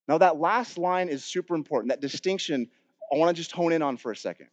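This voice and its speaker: A man's voice: a little high, quick pace. A male pastor preaching an earnest, emphatic sermon and quoting scripture, recorded in a church sanctuary. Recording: dull sound with long hall reverb.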